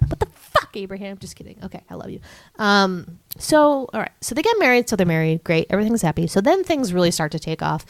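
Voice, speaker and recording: A young woman co-hosting a podcast, casually recapping a film, cursing freely and acting out the characters in quick quotes. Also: medium pitch, big pitch swings, dry recording. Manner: chatty, swears freely, acts out characters in quotes, laughs often. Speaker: podcast co-host.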